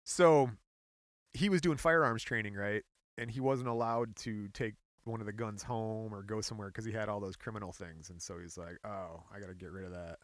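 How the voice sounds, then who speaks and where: A man's voice: lowish voice, moderate pace, dry recording. A man co-hosting a casual podcast, telling a story with playful teasing asides. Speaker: podcast co-host. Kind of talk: casual chat.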